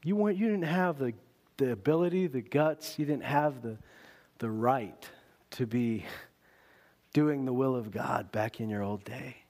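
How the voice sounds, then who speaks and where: A man preaching a sermon, swinging between loud emphasis and quiet intensity. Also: medium pitch, unhurried.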